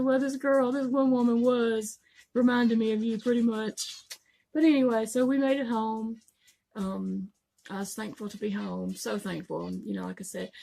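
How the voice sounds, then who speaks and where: A woman's voice: mid-range voice, vocal fry. A woman, telling a story in a chatty vlog and laughing often along the way. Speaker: vlogger.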